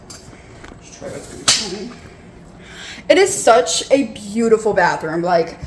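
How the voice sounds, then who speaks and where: A young woman giving an excited, gushing tour of her new mobile home, filming on a handheld phone. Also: fairly high pitch, slight background noise. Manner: gushing, excited, lots of fillers and swearing. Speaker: vlogger giving a house tour. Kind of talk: casual house tour narration.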